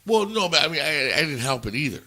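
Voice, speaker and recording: A man with a bright, forceful voice sits at a desk mic for a casual podcast. He tells stories bluntly and swears all the time, acting out what people said to him. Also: fairly high pitch, big pitch swings, fast. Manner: profane, blunt, quotes people in his stories. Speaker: podcast co-host. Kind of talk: casual chat, storytelling.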